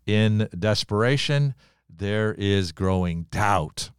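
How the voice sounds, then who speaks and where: An older male pastor preaching with a very low voice. He delivers his sermon earnestly, leaning on pauses and slowing down for weight. The sound is dry and close. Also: expressive, smooth, no room sound. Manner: earnest preaching with dramatic pauses and slowed emphasis.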